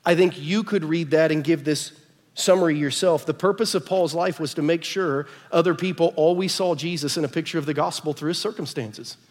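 A middle-aged man with an American accent, preaching a sermon and telling family stories in an animated way, acting out the dialogue. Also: on the high side, brisk. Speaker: pastor. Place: church sanctuary. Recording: reverberant church hall.

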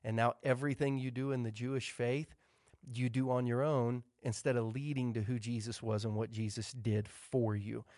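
A man's voice: mid-range voice, fairly even intonation, normal speed, a little mellow, no echo, studio quality. A male pastor preaching a sermon, hammering his points home with emphatic repetition.

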